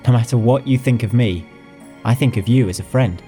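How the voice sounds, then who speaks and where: A man's voice: medium pitch, a little fast, mellow, faint music behind, voice pushed up, close to an everyday voice. A male narrator voicing a playful, sly young nobleman in an audiobook, with an easygoing, wry delivery. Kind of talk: audiobook character voice.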